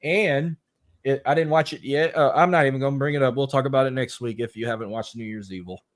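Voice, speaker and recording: A man's voice: mid-range voice, steady tone, fast, no room sound, studio quality. A man co-hosting a podcast, chatting loosely and rambling about wrestling. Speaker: podcast co-host. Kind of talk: casual chat.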